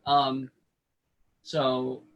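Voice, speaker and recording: A man's voice: medium pitch, monotone, extremely slow, dull audio. A young man, a newer umpire, chatting frankly on a call and asking questions. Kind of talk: casual call-in chat.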